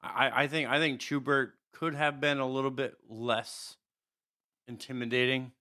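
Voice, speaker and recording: A man's voice: medium pitch, level tone, a little slow, bright, forceful tone. A man co-hosting a podcast in casual chat, hesitant and repeating his words. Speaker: podcast co-host.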